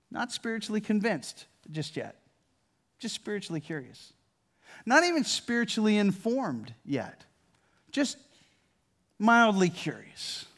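An older pastor with a fairly high-pitched voice preaches a sermon conversationally, often repeating and restarting words. He drops to a hush for key lines and turns loud and animated at others.

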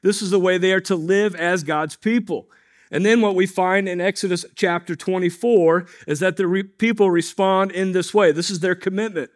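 A pastor delivers a sermon in a slightly high male voice. He talks to his congregation conversationally, leaning on stories and asides. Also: fairly even intonation, moderate pace. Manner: storytelling, conversational, addresses congregation.

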